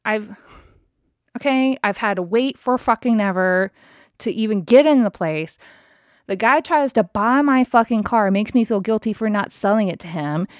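A woman in the middle of a fired-up rant, cursing freely and sounding thoroughly exasperated. Her voice sits at an ordinary middle pitch and is recorded dry and close, with no room sound around it. She talks like someone venting about her day to a camera. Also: moderate pace, no echo. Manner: heated, profane, exasperated. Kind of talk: casual angry storytime rant.

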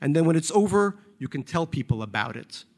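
A man reading a novel aloud, voicing a calm, reproachful younger friend who speaks in a quiet, measured and blunt way. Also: fairly high pitch.

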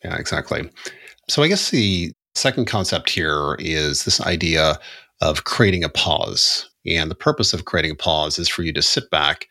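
A man co-hosting a podcast, calmly explaining ideas and asking his guest questions. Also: very deep voice, normal speed, vocal fry. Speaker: podcast co-host. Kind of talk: reflective conversational chat.

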